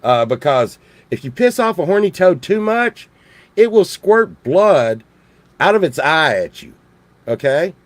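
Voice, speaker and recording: A man's voice: fairly high pitch, big pitch swings, a little slow, dry recording. A man from Texas, rambling jokily in a casual monologue full of restarts and swearing. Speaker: vlogger.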